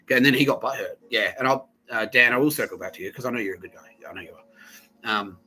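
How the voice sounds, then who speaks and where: The audio is poor, but the man's medium-pitched Australian voice comes through fast as he hosts a podcast. In his thirties, he delivers a rambling, profane story in casual monologue form, acting out quoted voices with animation.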